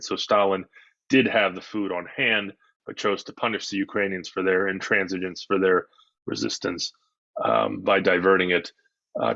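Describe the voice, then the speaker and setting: Low-voiced male history professor lecturing. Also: fairly bright tone, no echo, lo-fi sound. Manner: measured, many "um" and "uh" fillers, repeats words. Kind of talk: lecture to a live audience.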